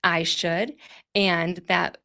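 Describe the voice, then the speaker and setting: A woman's voice: on the low side, level tone, very slow, gravelly, pushed and bright. A woman in her thirties, a guest on an interview podcast, speaking reflectively and thinking aloud in long, winding sentences. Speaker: podcast guest, clarity coach. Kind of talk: conversational interview.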